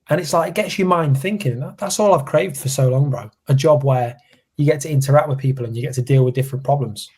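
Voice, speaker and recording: A young man from England tells a story on a casual podcast. He slips into other people's voices to act out what they said. His pitch sits in the middle range for a man. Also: fast talker, breathy edge. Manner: animated storyteller, acts out quotes. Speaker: podcast co-host.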